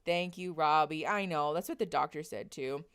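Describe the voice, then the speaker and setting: A woman's voice: low-pitched, normal speed, a bit bright, clear, resonant tone. Chatty woman hosting a livestream. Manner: chatty, emotional, reading chat names aloud with laughs. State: teary after crying. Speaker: livestream host. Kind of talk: casual livestream chat.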